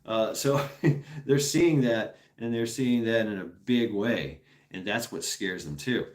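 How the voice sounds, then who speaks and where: A man's voice: on the low side, takes it slowly, echoey room. A man hosting a stream, talking casually with viewers in a rambling, profane way and laughing often. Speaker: streamer host.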